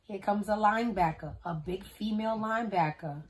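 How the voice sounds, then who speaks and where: Woman vlogger, thirties, casual storytelling to a tripod camera, slangy and lively, acts out each character. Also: mid-range voice, fairly quick, hardly any pauses, heavy background noise. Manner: animated, slangy, acts out the people in her story.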